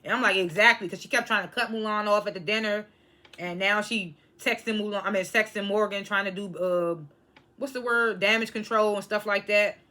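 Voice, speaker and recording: A woman casually recapping a reality TV episode, blunt and animated, swearing freely and laughing between points. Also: medium pitch, brisk.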